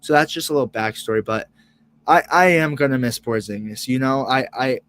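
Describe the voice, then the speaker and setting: A man's voice: mid-range voice, brisk, fairly bright tone. A young man reacting live as co-host of a sports fan show, emotional and rambling, restarting and repeating words.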